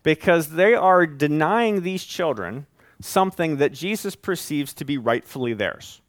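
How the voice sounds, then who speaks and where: A man preaching a sermon as pastor, conversational and animated, with folksy asides. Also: a little high, unhurried, no room sound, clean studio sound.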